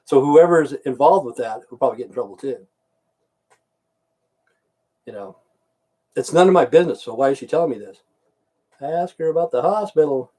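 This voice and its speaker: A man's voice: mid-range voice, animated, normal speed, pauses often, mellow. Profane, ranting American man. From United States. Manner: profane, repetitive, heated. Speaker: vlogger. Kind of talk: angry ranting monologue.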